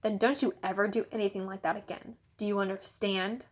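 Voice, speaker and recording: A woman's voice: mid-range voice, steady tone, fairly quick, natural voice. A woman voicing an exasperated mother who scolds firmly but lovingly. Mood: stern. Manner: firm scolding, emphatic.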